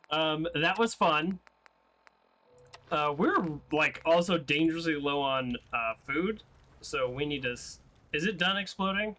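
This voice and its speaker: A man casually commentating on his own gameplay as host, excitable and self-mocking, often breaking into laughter. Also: fairly high pitch, unhurried. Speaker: let's play host.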